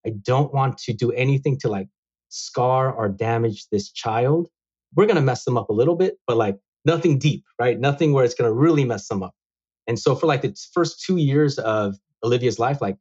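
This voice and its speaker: A man in his thirties speaks as a guest in a casual interview. He talks in an earnest, reflective way, with plenty of fillers. His voice is a little husky, and the recording sounds slightly dull. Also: medium pitch, darkish tone.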